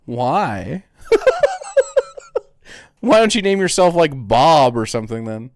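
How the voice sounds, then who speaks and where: A male streamer trading sarcastic, profane jabs with his chat. His voice sits at an ordinary pitch. The sound is dry and close. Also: big pitch swings, moderate pace, no room sound. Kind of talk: casual stream reaction chat.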